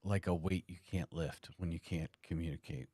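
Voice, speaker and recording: A man co-hosting a podcast in casual chat, speaking in a measured way with short replies. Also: low voice, warm tone, no room sound, clean studio sound.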